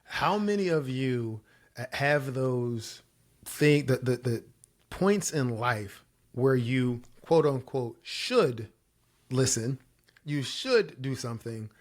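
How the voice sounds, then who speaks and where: 40s guy on a podcast telling his story, gets really animated when quoting himself. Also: medium pitch, takes it slowly. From Virginia, US. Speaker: guest. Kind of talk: storytelling interview answers.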